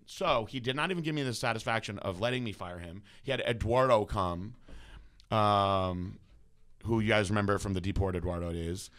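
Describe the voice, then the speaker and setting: A man's voice: lowish voice, fast, clear, resonant tone. A man hosting a podcast interview, telling long stories with lots of swearing and restarts. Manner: animated, swears often, stumbles and restarts. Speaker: podcast host. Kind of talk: casual storytelling interview.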